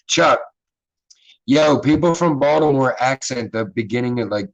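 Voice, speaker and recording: A man's voice: mid-range voice, moderate pace, dull audio. A man with a Philadelphia accent hosting a casual livestream chat, rambling and swearing freely in a laid-back way. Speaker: livestream host.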